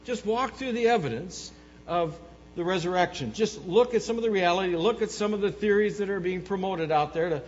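A man preaches in a church sanctuary, his fairly high voice trailing off into a long reverb. He is emphatic, rising into loud bursts and dropping to low, earnest stretches. The recording is dull and slightly muffled, with a faint hum underneath. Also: fairly quick. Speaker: pastor. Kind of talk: sermon.

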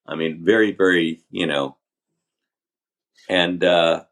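An older man, a podcast guest, telling his story candidly in a halting, talkative way. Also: sits low, steady tone, vocal fry, a bit bright. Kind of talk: storytelling interview.

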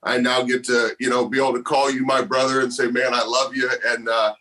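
A man's voice: mid-range voice, level tone, brisk, pushed and bright, low-quality recording. A man hosting a podcast interview, thanking his guest sincerely at the close. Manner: sincere, grateful. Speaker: podcast host. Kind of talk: interview wrap-up.

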